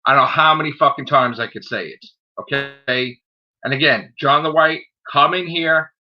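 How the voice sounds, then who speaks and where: A man ranting angrily on his own live stream, swearing nonstop and tagging "okay?" onto his points. His voice sits a little high for a man. The audio is dull and lo-fi, like a cheap stream. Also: moderate pace. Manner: heated, swearing, repeats "okay?" often. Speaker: channel host. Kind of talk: angry live-stream rant.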